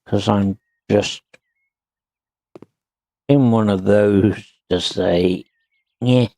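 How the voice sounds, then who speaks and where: Slow, gravelly man muttering through a game. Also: on the low side, dark tone, dry recording. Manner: slow, muttering to himself while working. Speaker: streamer. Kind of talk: casual gameplay commentary.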